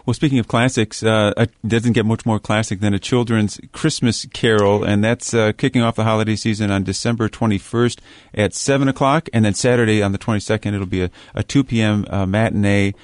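A man's voice: fairly low pitch, fairly even intonation, brisk, few pauses, no room sound, clean studio sound. A man hosting a casual interview, giving upbeat short prompts and announcing show dates. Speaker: host.

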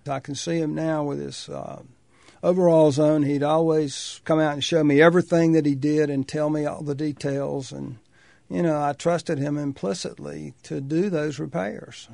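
An older man from North Carolina, thoughtfully recalling his past in a measured, pausing way. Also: on the high side, fairly even intonation, creaky, dark tone, dry recording. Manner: measured, thoughtful, with pauses and restarts. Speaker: oral history interviewee. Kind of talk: reflective personal reminiscence.

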